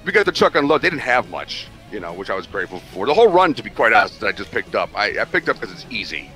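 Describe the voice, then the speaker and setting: A middle-aged man spins a long, swear-laden trucking story in casual chat. His bright, forward tone swings widely in pitch as he gets animated. Faint music plays behind him. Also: quick pace. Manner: profane, animated, rambling delivery. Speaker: truck driver telling a story on a radio talk show.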